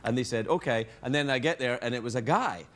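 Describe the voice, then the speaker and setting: A middle-aged man hosting a late-night talk show, wisecracking and telling stories with lively timing. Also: medium pitch, fast talker. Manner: wisecracking, animated storyteller. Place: TV studio with live audience. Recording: studio audience laughter and noise.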